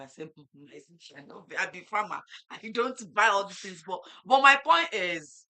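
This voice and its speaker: A middle-aged Nigerian woman hosting a farm talk show, telling lively stories and acting out market exchanges. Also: medium pitch, normal speed, hardly any pauses. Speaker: farm host. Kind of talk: casual chat.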